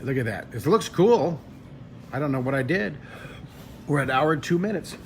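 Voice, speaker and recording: Excitable man hosting a live drawing stream. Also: a little high, normal speed, pauses often, slight background noise. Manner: excitable, jokey, bursts into loud delighted exclamations. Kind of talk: lively live-stream chat with fans. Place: a restaurant.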